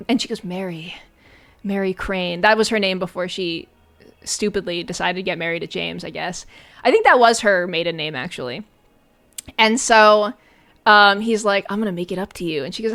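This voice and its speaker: A woman's voice: mid-range voice, fairly bright tone. A woman streamer giving a casual, sarcastic and profane recap of a film, often breaking into giggles.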